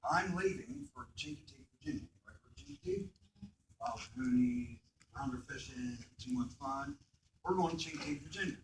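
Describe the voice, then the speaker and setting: A man's voice: on the high side, sing-song, brisk, gravelly, slight background noise. A man speaking to a school audience, telling an emotional personal story and often asking them questions like "right?". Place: school hall. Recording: echoey hall, speaker far from the mic.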